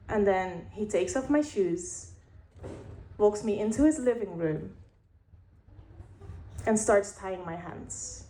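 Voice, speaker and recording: A woman telling a frank personal story, candid and wry, with pauses for effect. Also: mid-range voice, warm tone. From Netherlands. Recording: roomy echo.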